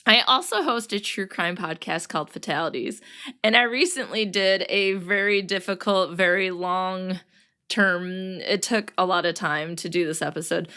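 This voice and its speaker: A woman's voice: on the low side, moderate pace, bright, forceful tone, smooth. A woman hosting her own podcast in a chatty solo talk, worn out and very tired, laughing often as she talks. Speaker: podcast host. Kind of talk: casual solo podcast chat.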